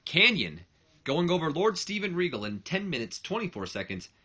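A man's voice: fairly high pitch, big pitch swings, normal speed, sharp tone. A man giving casual commentary on a wrestling management game, rambling and correcting himself as he goes. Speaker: let's play narrator.

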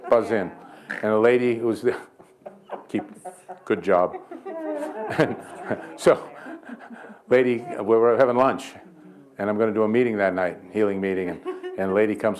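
Evangelist man, low-pitched, folksy storyteller leading prayer in a church. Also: moderate pace, pauses often, crowd noise. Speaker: guest healing evangelist. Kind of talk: preaching at a healing service. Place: church sanctuary.

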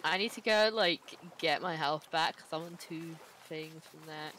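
A woman's voice: deep voice, normal speed, a bit bright. A woman streamer chatting casually during a gaming stream, swearing a lot and laughing often. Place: home streaming setup. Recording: noisy home stream mic.

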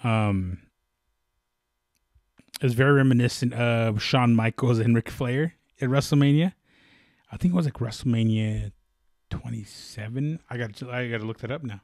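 A man hosts his own sports podcast in a loose, rambling way, full of "um" and "like" and restarting his sentences. His voice sits at an ordinary middle pitch. The recording is dry and close, with no room sound. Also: normal speed, long pauses, darkish tone, no room sound. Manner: rambling, many fillers and self-corrections. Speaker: podcast host. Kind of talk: casual solo sports chat.

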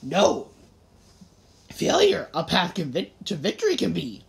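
A woman voicing a small, wise origami Yoda puppet that croaks its lines in scrambled order, read in an audiobook. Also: on the low side, wildly swooping pitch, a little slow, full character voice. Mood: cryptic. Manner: inverted word order, croaking. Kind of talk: audiobook reading.

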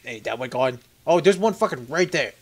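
A man's voice: expressive, brisk. A young man giving casual, profane gameplay commentary, joking and laughing as he plays. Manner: jokey and profane, laughing often, yelping in high squeaks when startled. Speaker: let's play gamer.

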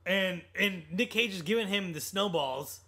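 A man's voice: high voice, normal speed. A man co-hosting a podcast, casually reviewing a film with sarcastic asides, swearing and quoting lines. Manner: animated, sarcastic, quotes movie lines; swears casually, lots of restarts. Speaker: podcast co-host.

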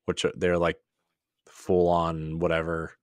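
A man's voice: deep voice, completely flat delivery, measured pace, no echo. A man co-hosting a podcast in casual chat, rambling with lots of "like"s and restarts. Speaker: podcast co-host.

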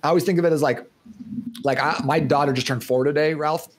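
Man, thirties, fitness guest, podcast interview, slightly high voice, animated explainer. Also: quick pace.

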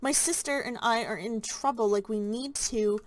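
Woman doing a freaked out teen boy, begging and rushed, kinda high voice. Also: lightly acted. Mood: urgent. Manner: urgent, pleading, filler-heavy. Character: panicked teenage boy pleading with his mother.

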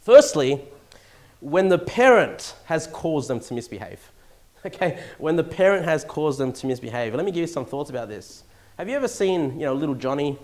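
An Australian man preaching a sermon in church, his pitch sitting a little high and swooping all over the place. He jumps from loud emphatic lines to near-hushed asides and chuckles as he goes. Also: sing-song, normal speed. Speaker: pastor.

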